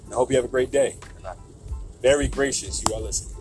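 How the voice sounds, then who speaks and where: A young man talks through a solo podcast in a loose, conversational way, drifting into asides as he goes. His voice sits at an ordinary middle pitch. Faint music plays underneath. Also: fairly even intonation, quick pace. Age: young adult. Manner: casual, conversational, rambling with asides. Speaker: podcast host.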